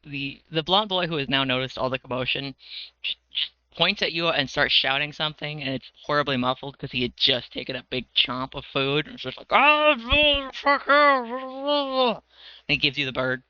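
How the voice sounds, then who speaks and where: A man's voice: medium pitch, steady tone, fairly quick, no echo. A man narrating a tabletop game as its dungeon master in a loose, playful way with many fillers, on slightly dull lo-fi audio.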